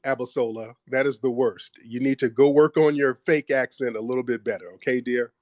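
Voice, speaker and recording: A man's voice: mid-range voice, fairly even intonation, fairly quick, darkish tone, no room sound, studio quality. A man hosting a live call-in audio show, blunt and joking. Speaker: host.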